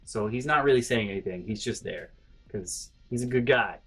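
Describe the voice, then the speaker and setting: A man vlogging a personal story in an animated way, swinging between hushed and loud and swearing freely. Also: lowish voice, moderate pace, creaky, breathy edge, poor audio. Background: faint background music.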